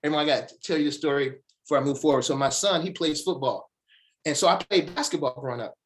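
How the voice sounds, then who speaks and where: A man gives a motivational webinar talk in a slightly high voice, animated and addressing his audience directly. He slows down to stress single words and uses dramatic pauses.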